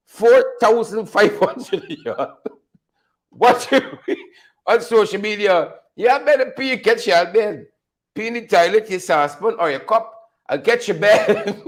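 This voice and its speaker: A man hosting an unscripted political commentary show, mocking his subjects, laughing often and repeating phrases for effect. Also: high voice. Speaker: show host.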